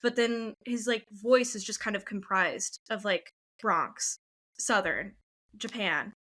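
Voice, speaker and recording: A woman's voice: medium pitch, slow pace, bright, forceful tone. A woman co-hosting a podcast in casual chat, emphatic and sweary, with plenty of verbal fillers. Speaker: podcast co-host.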